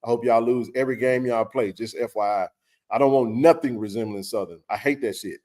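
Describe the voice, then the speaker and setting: A man's voice: mid-range voice, brisk, a little mellow. Man ranting bluntly on a sports stream. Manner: heated, blunt ranting with frequent swearing. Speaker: host of a sports talk stream. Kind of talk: casual sports talk on a live stream.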